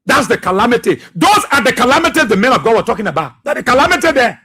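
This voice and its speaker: High-voiced husky Liberian radio host, bright and fiery, preacher-like repeats. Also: male voice, big pitch swings, fast talker. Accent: Liberian English. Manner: fiery, repetitive, preacher-like delivery. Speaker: radio talk show host. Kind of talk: impassioned political commentary.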